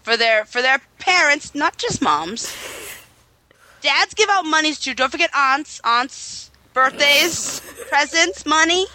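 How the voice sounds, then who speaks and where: Young female podcast co-host; high, lively, giggly delivery. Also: poor audio. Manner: giggly, animated, quick to protest. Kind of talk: casual gaming podcast chat.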